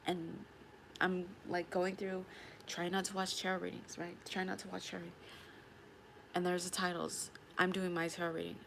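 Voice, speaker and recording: A woman's voice: on the low side, gravelly, fairly bright tone, slight background noise. A woman telling a personal story in a rambling, emotional vlog, often repeating herself. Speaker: tarot vlogger.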